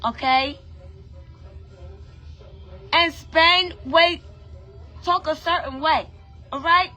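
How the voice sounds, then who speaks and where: Speaking extremely slowly in a very high, bright, forceful voice, a Brooklyn woman with a Trinidadian-influenced accent delivers an impassioned, profane vlog rant straight to camera. She fires off emphatic rhetorical questions while soft music plays behind her.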